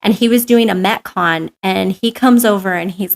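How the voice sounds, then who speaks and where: Guest spot: New woman, animated anecdote teller, lots of "like", mid-pitched voice. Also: normal speed, gravelly. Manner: animated storyteller, filler-heavy "like", acts out quotes. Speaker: podcast guest. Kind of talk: casual interview chat.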